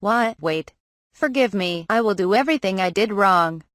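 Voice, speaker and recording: A rude, blustering shopkeeper man speaks from a storybook, read by a woman. The voice is plain and even, with a mid pitch. The recording is close and dry. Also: moderate pace, no echo, close to an everyday voice.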